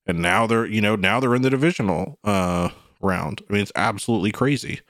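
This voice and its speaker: A man co-hosting a sports podcast, talking in a rambling, animated way full of "you know" and "like". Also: fairly low pitch, a little fast, dry recording, studio quality. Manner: animated, slips into mock quotes. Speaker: podcast co-host. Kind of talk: casual sports chat.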